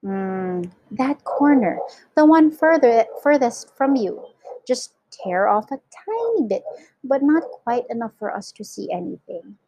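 A woman voicing a polite, earnest young boy in a storybook reading, speaking softly and a little higher than her own voice. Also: sing-song, measured pace, exaggerated voice. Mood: eager.

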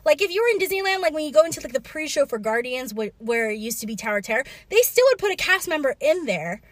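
Animated high-voiced young woman storyteller. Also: fast talker. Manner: animated, acts out quotes, many fillers. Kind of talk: casual storytelling chat.

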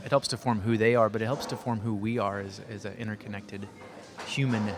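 A man's voice: on the low side, steady tone. A man co-hosting a podcast at a brewery, speaking thoughtfully and steering the talk. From Arkansas. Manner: thoughtful, measured, hosts the talk. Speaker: podcast co-host. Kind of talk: casual chat. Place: brewery taproom.

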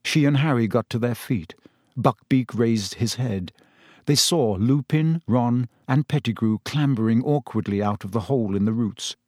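Brief: male audiobook narrator, mid-pitched, measured, close and bone-dry. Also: dark tone, no room sound. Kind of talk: scripted narration.

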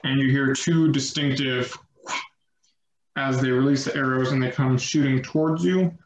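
A man narrating as game master of a tabletop game, relaxed and descriptive with light self-mockery. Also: mid-range voice, moderate pace, echoey room, low-quality recording.

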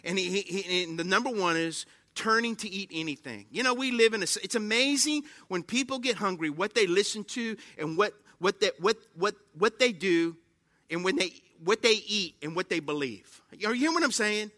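A man preaches a sermon with a high-pitched voice. He tells stories animatedly, acts out cries and exclamations, and keeps checking in with the congregation with quick questions. His voice is bright and sharp, and the sound is dry. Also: no echo. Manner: animated storytelling with acted-out exclamations; asks the congregation frequent questions.

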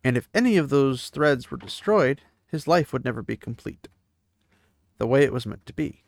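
A man's voice: mid-range voice, lively intonation, normal speed, gravelly, no room sound, clean studio sound. A man giving a casual chapter recap, paraphrasing the story and breaking in with offhand asides. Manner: paraphrases the text, mixing reading with offhand asides. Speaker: book series recap host.

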